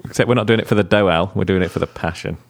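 Deep-voiced, sweary man in casual chat. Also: very fast, vocal fry. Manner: dry, sweary storytelling. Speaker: podcast co-host.

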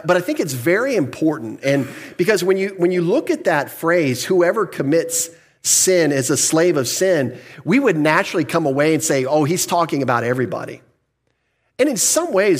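A man's voice: fairly high pitch, lively intonation, a little fast. Conversational man preaching a sermon. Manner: conversational teaching, acts out quoted voices. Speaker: pastor.

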